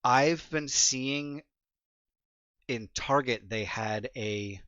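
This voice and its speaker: A man's voice: mid-range voice, drawn-out words, bright, forceful tone, no echo, dull audio. A middle-aged man co-hosting a podcast in casual chat, laid-back, swearing freely and laughing often. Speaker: podcast co-host.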